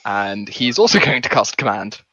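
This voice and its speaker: A man playing a character in a tabletop game, animated and laughing as he describes his moves. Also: fairly low pitch, fairly quick, slightly rough, highs cut off. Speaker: player. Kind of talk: tabletop game play over voice chat.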